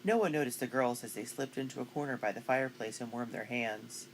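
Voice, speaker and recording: Woman narrator, children's storybook, low voice, clear, expressive. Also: fairly quick, a little hiss or hum. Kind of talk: storybook read-aloud.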